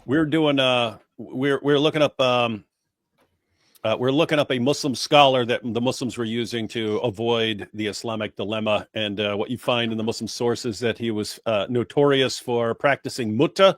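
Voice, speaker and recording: A man's voice: medium pitch, fairly even intonation, normal speed, no echo. Rambling man, dry close mic. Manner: rambling with many fillers and restarts. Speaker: co-host. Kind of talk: casual stream chat.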